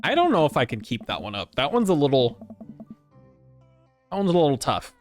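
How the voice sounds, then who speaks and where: A man's voice: fairly high pitch, wildly swooping pitch, brisk, soft background music. A man streaming a game, profane and rambling in casual commentary.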